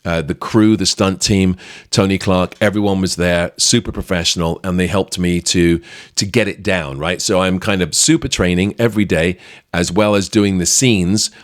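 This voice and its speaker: A middle-aged British man hosting a podcast, chatting lively through a behind-the-scenes anecdote with plenty of fillers. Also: low-pitched, normal speed, dry recording, clean studio sound. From Britain. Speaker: podcast host. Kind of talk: storytelling anecdote.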